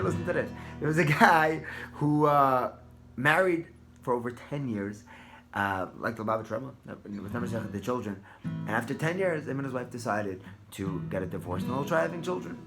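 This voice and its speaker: A man telling a Torah thought and a story in an animated way, repeating words and dropping to a hush at tense moments. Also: medium pitch. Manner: animated, restarts and repeats words, drops to hushed tones. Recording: guitar music under the voice.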